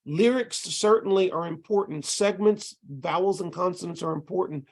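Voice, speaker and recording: Gravelly man giving a lecture on a call. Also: sits high, normal speed, a little mellow. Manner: explanatory, demonstrates rhythm by chanting syllables. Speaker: ESL instructor training tutors. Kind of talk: online lecture. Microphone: video call.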